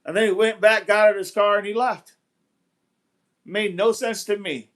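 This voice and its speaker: A man's voice: high voice, steady tone, normal speed, fairly bright tone. A man hosting a casual livestream who rambles, repeats himself and greets viewers from the chat. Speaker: livestream host. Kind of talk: casual live-stream talk, reading chat.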